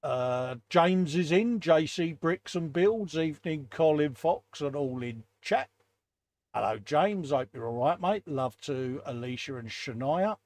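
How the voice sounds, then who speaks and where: A chatty British man hosts a relaxed live stream and greets the chat with a slightly higher voice than most men. His sound is close and dry, with no room around it. He keeps it matey and easygoing throughout. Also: unhurried, dry recording. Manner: chatty, greets viewers, calls everyone mate. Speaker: host.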